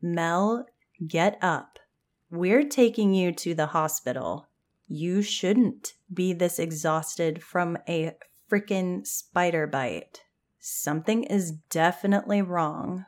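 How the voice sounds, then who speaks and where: A woman's voice: on the low side, slow pace, darkish tone. A woman voicing a firm, take-charge young woman who gives urgent orders to her friends in a spooky story. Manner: urgent, commanding.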